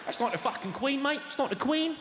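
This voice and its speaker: A man's voice: very high voice, expressive, quick pace, slight background noise. A Scottish man in his thirties with a Glaswegian accent, doing a sweary, conversational stand-up set with crowd work. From Scotland. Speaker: stand-up comedian. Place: large theatre stage with audience. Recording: echoey live hall with loud audience.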